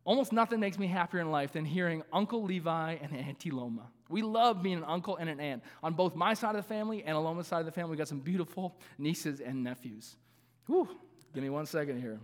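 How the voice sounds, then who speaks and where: A high-pitched male pastor delivers an earnest sermon, building to emphatic repeated calls and easing into light laughing asides. His voice rings out with long reverb in a church sanctuary. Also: quick pace, few pauses.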